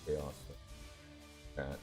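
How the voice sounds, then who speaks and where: A man's voice: takes it slowly, darkish tone, faint music behind. A man co-hosting a casual hobby livestream, joking in an easygoing way. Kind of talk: casual chat.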